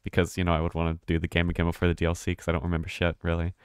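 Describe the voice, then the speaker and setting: A man's voice: low voice, completely flat delivery, racing, smooth, no room sound, studio quality. A man streaming a game live, chatting casually and rambling, often swearing and laughing. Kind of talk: casual live gameplay commentary.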